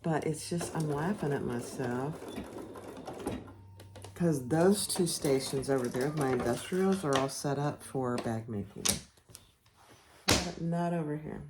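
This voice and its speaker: A woman's voice: low voice, unhurried, pauses often, noisy background. A woman talking casually while she sews, explaining each step of a bag pattern in a chatty, self-deprecating way. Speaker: sewing pattern tutor. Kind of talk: casual sewing tutorial. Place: home sewing room.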